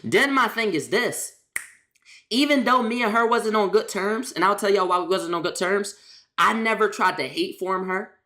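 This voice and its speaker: A woman's voice: medium pitch, normal speed, a bit bright. Exasperated woman ranting to her chat. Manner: exasperated, repetitive, slangy. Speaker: streamer. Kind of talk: casual rant to stream chat.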